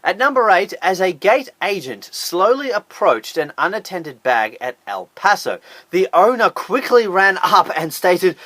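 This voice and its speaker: A man runs through a scripted top ten list with a high, bouncing voice. His delivery is sarcastic and incredulous. The sound is dry and close. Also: sing-song, measured pace, sharp tone, no room sound.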